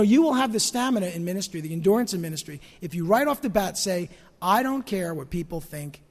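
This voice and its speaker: This is a pastor's sermon given in a high, gravelly male voice that echoes like a big room. He questions his listeners rhetorically and alternates booming emphasis with quiet asides.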